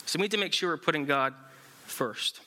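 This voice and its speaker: Bright-voiced man preaching a sermon. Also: fairly high pitch, slight background noise. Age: adult, married. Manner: halting, many fillers and restarts. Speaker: pastor. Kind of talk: sermon with an illustrative story.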